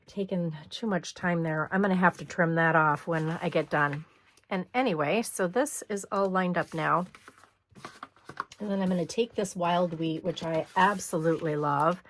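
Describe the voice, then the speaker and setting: A middle-aged woman hosting a hands-on scrapbooking tutorial, chatting casually as she works and clearing a slightly hoarse throat now and then. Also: lowish voice, slight background noise. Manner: chatty, talks while working, frequent throat clearing. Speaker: scrapbooking host.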